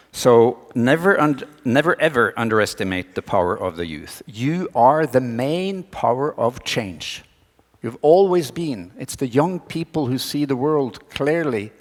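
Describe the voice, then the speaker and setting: Middle-aged Norwegian-accented man, mid-pitched, earnest speaker with wry humor, recorded in a big echoing hall. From Norway. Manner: earnest, rousing, with wry jokes. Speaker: speaker giving a talk to students. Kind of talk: presented talk with slides.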